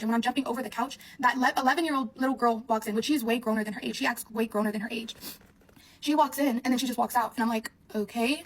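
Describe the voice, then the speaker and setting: Young woman, rapid-fire delivery, slightly high voice, rambling storytime, lots of filler and swearing. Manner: rambling, heavy use of "like", frequent swearing. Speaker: vlogger. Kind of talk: casual storytime monologue.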